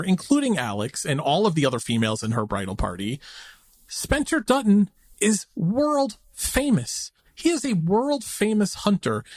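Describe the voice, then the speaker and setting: A man co-hosting a podcast in casual chat, with a fairly high voice that rises and falls a lot. He sounds animated and laughs easily, recorded dry and close. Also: dry recording. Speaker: podcast co-host.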